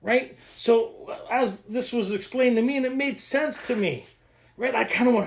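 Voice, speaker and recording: A man leading a recovery workshop, joking, excitable and laughing often as he explains the reading. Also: very high-pitched, moderate pace, gravelly. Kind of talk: animated teaching talk.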